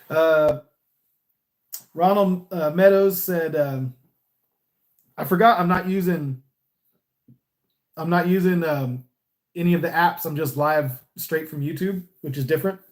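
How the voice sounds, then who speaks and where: Easygoing smiley man, slightly high voice. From California. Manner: smiley, easygoing, rambling with restarts. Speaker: repo agent and YouTuber. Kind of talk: casual live-stream chat reading comments.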